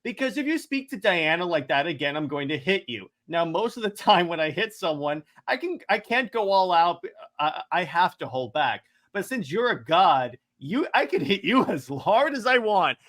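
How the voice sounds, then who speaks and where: A man reading the lines of a calm, confident male superhero from a comic in a cool, understated way. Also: high-pitched, normal speed.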